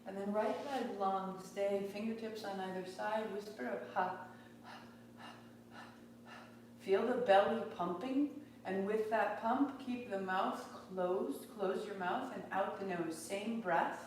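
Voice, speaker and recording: A woman teaching a live yoga class, calmly cueing breath and movement in a steady rhythm. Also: medium pitch, unhurried. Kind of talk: guided yoga class instruction. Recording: very echoey, distant, faint room noise.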